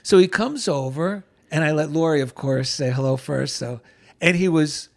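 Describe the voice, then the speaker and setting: A middle-aged man with an East Coast American accent tells a personal story in an animated, heartfelt way. His voice sits a little high for a man. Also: moderate pace, gravelly. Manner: animated, gets choked up with emotion. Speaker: guest, author and veteran. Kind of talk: storytelling in conversation.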